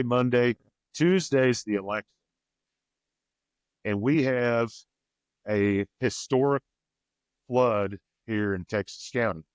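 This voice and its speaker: A man's voice: smooth, no echo. Folksy man telling a hunting tale. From Missouri, USA. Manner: rambling, folksy, quotes others with raised pitch. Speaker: podcast guest. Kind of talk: casual storytelling.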